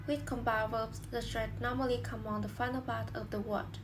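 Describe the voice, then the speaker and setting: A woman's voice: fairly high pitch, flat delivery, moderate pace. A young woman student presenting a class lesson on word stress, reading out a prepared explanation with some slips. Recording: clear background noise.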